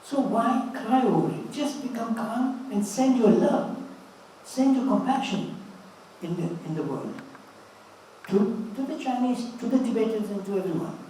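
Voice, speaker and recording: A man in his 80s gives a motivational spiritual talk, telling stories in a fatherly, earnest, animated way at a normal speed. His voice is high and mellow. The recording is roomy and echoey from a distant mic, with faint ambience and a little hiss or hum.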